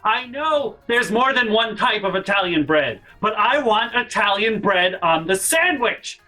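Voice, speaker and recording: A man voicing his stubborn, angry middle-aged mother, who repeats herself slowly and insistently. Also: sits high, lively intonation, bright, forceful tone, recorded from a distance, pitched above the performer's own voice, full character voice, low-quality recording. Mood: stubborn insistence. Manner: slow, insistent, exasperated.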